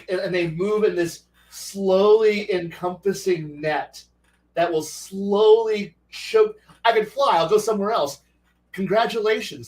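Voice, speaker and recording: A man's voice: sits high, distant mic, rough recording. A man chatting casually about tabletop games, telling a rambling, profane story. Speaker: co-host.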